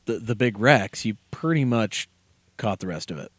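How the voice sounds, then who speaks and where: A man's voice: lowish voice, expressive, normal speed, no echo. A man co-hosting a podcast in a basement, chatting casually and rambling with many fillers and jokes. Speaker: podcast co-host. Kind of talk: casual chat.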